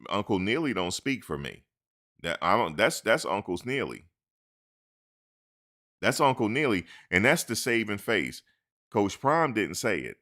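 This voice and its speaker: Deep-voiced man riffing on sports. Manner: animated, talks back to the chat; acts out imagined lines in asides. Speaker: sports show host. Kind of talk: casual commentary.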